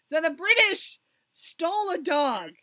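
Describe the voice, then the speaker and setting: A woman co-hosting a casual podcast, telling stories in an animated way and breaking into excited laughter. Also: very high voice, slow, no echo. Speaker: podcast co-host.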